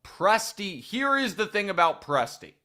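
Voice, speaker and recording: A man's voice: sits high, big pitch swings, a little slow, sharp tone. A man hosting a sports talk show, giving opinionated commentary in long, thinking-aloud arguments.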